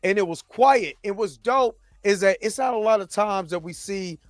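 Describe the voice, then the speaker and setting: High-voiced animated man recapping a show. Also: normal speed, dry recording. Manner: animated, acts out characters' lines in his own voice. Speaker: show host. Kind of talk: casual TV recap commentary.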